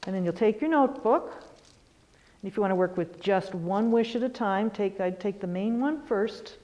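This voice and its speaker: A middle-aged woman yoga teacher guiding a lesson, gently encouraging and often checking in with "all right". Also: medium pitch, moderate pace, in a large hall, muffled recording. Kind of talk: guided lesson on goals and mantra practice.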